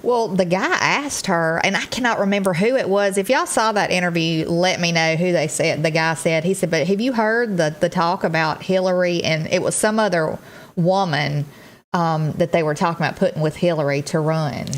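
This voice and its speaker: A woman's voice: fairly low pitch, normal speed. Southern woman, easygoing co-host. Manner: conversational, lots of agreeing backchannel. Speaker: morning show co-host. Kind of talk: casual news chat.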